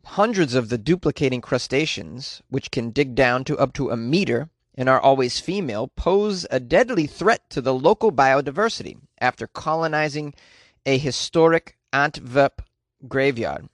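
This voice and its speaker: A man's voice: mid-range voice, animated, moderate pace, no room sound, studio quality. A man giving casual, sarcastic commentary on news stories, reading out quotes and riffing on them. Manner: sarcastic, riffing asides between read-out quotes.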